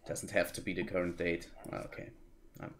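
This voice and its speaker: Man, gravelly, game streaming, keyboard clicks and faint hiss behind. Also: deep voice, little pitch movement, moderate pace, fairly bright tone. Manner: thinks aloud, muttering and exclaiming in frustration. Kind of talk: live gameplay commentary.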